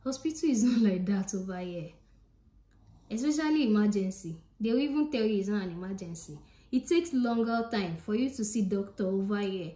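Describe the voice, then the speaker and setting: A woman's voice: medium pitch, lively intonation, a little fast, mellow, reverberant. A woman with a Nigerian accent talks casually to her viewers in a vlog. She is chatty and emphatic and repeats her points directly to the camera. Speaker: vlogger.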